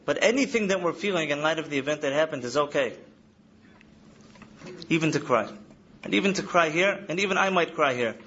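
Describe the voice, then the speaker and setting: A man's voice: on the high side, lively intonation, fairly quick, pauses often, a bit bright, muffled recording, slight background noise. A man in his thirties who speaks to a hall of students about coping trauma, in an earnest lecture style that repeats its key phrases. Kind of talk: lecture to an audience. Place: study hall.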